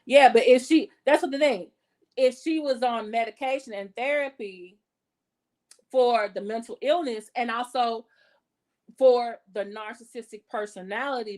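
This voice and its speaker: A woman with a somewhat high, slightly mellow voice hosts a casual gossip commentary channel at an unhurried pace. She is blunt and curses freely, talking with her hands in her words, and rambles with lots of fillers, restarts and self-corrections as she works through her points.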